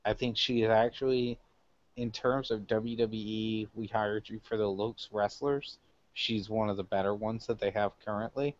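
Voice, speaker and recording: Wrestling podcast co-host, man, deadpan crude humor, low voice, muffled lo-fi audio. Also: moderate pace. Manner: dry, crude wisecracks. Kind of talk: casual wrestling review chat. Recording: dull lo-fi sound.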